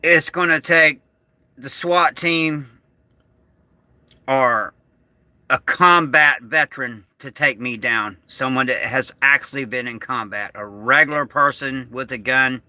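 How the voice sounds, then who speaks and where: A middle-aged American man vlogging about being upset and struggling with anger, talking in a halting way that trails off. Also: medium pitch, sharp tone, no room sound. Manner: agitated, slow and halting, trailing off. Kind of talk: emotional vlog monologue.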